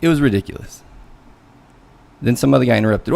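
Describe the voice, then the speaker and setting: A man's voice: mid-range voice, expressive, fast talker, vocal fry, pauses often, a little mellow. A man venting casually about a bad job interview, swearing and mocking people as he talks. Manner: venting, mocking voices in quotes, swears, loose and conversational. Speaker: coding learnalong streamer. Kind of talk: casual rant.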